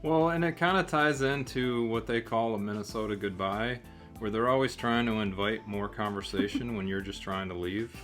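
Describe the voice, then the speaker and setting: A man from Michigan with a Michigan accent, co-hosting a casual chat, explaining and gently teasing at an easy pace. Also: lowish voice, fairly even intonation, moderate pace, soft background music. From Michigan, United States. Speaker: co-host.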